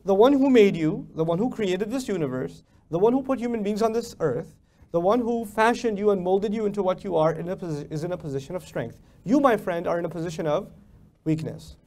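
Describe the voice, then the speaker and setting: Animated high-voiced male lecturer. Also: a little fast. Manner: animated, rhetorical questions, acts out mock dialogues. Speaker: lecturer on the Quran. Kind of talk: Islamic lecture.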